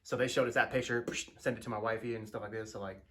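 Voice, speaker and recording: Fast-talking man telling a casual story. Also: fairly even intonation, fairly bright tone. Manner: loose, rambling, lots of fillers and slangy asides; acts out quoted people in higher voices. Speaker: woodworking channel host.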